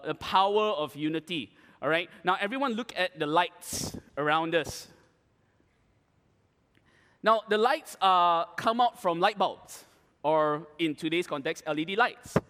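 A man preaching to an audience, telling an animated, dramatic story with playful asides. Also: on the high side, in a large hall. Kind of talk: storytelling sermon.

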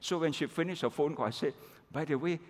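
Pastor preaching in a reverberant church. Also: male voice, a little high, quick pace. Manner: animated, repeats "okay" and "all right" to the congregation. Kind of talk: sermon with story-telling. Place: large church hall. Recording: long reverb of a church hall.

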